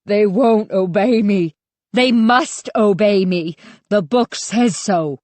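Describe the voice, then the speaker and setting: A woman voicing a wild-eyed, desperate grown man who shrieks frantic commands, at a slow pace. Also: mid-range voice, darkish tone, no echo, close to an everyday voice.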